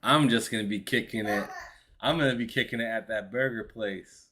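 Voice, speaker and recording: A man's voice: lowish voice, normal speed, sharp tone. A man co-hosting a casual gaming podcast, joking and teasing, often stumbling over his words. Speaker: podcast co-host.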